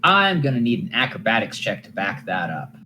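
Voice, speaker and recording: A game master narrating a tabletop session in a lively way and laughing easily. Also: mid-range voice, brisk, a little hiss or hum.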